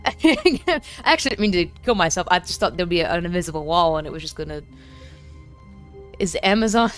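A woman chatting casually and joking as she streams a game from home. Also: medium pitch. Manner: chatty, joking to herself and chat. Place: home room.

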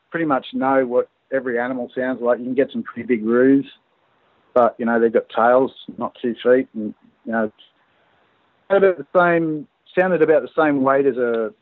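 Australian man, phone-in guest, halting storyteller full of fillers, thin phone-line sound, dry. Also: medium pitch, no echo. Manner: hesitant, many fillers and restarts. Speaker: guest recounting an encounter. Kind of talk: casual phone interview storytelling. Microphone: phone call.

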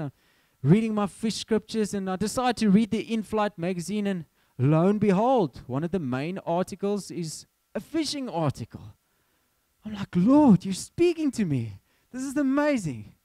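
During a sermon, a male preacher whose voice sits a little high tells his story with liveliness, acting out his own dialogue. The recording is dry and close, without room echo.

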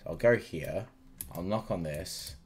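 A man's voice: low-pitched, measured pace. A man streaming a video game, sweary and salty, muttering to himself as he plays. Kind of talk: casual let's play banter.

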